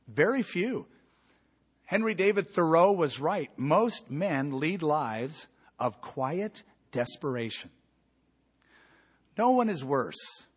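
A man preaching a sermon as a pastor, emphatic, moving between loud points and hushed asides. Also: medium pitch, husky. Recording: long reverb of a large hall.

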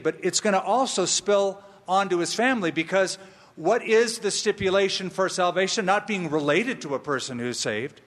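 A man preaching an expository sermon, emphatic and slow, with playful asides. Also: high voice, fairly bright tone, in a large hall. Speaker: pastor.

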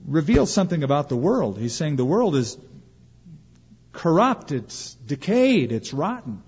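A man preaching a sermon as pastor, emphatic and preacherly, with pauses and rhetorical questions. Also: on the high side, very animated, a little mellow, breathy edge, long reverb tail, dull audio.

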